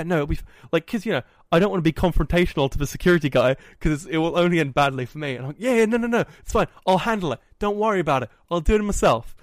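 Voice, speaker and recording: A man hosting a podcast, telling a story in a casual, animated and self-mocking way. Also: fairly high pitch, dry recording. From England. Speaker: podcast host. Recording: dry, poorly set up audio.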